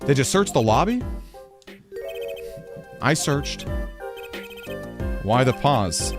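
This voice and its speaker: A man voicing a young male defense attorney, asking pointed questions in a low, insistent tone. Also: big pitch swings, slow pace, over music. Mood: probing.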